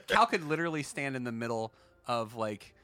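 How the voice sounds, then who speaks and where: A young man from the Washington DC area hosting a casual podcast chat, telling animated stories and mimicking accents for laughs. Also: mid-range voice, a little fast, no room sound. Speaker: podcast host.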